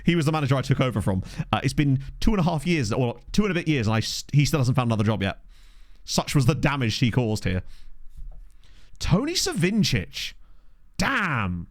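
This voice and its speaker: A man streaming a football management game, chatting casually with his viewers and reacting excitedly to the match. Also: medium pitch, a little fast, no echo, clean studio sound. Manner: chatty, reads chat aloud, excitable reactions to match play. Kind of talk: casual live-stream chat with commentary. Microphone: desk microphone.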